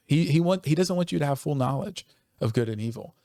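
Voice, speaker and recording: Heard on a clean, dry studio recording, a man with a slightly high, animated and warm voice speaks on a conversational church podcast. He is a pastor, earnest and passionate, picking up speed when moved and frequently breaking off to restart his sentences.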